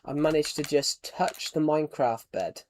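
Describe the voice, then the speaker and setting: Chatty English man, slightly high voice. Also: moderate pace, darkish tone, a little hiss or hum. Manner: repeats and restarts phrases while reading chat aloud. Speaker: gaming live streamer. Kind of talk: casual live-stream chat.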